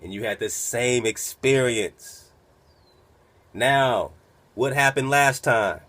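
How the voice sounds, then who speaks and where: A man's voice: medium pitch, takes it slowly, a bit bright. A man hosting a radio talk, giving preachy, profane commentary over a played recording and peppering it with rhetorical questions. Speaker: radio host.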